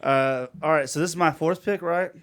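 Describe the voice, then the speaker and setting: A man in his thirties hosting a casual podcast chat, animated and jokey, bursting into loud sound effects and laughs. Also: a little high, moderate pace. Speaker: podcast host.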